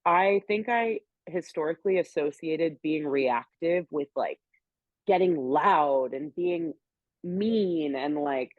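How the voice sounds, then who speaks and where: A woman's voice: low voice, expressive, slow pace, no room sound. Young woman co-host on a thin, phone-like line. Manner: rambling, open and self-reflective. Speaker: podcast co-host. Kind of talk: casual chat.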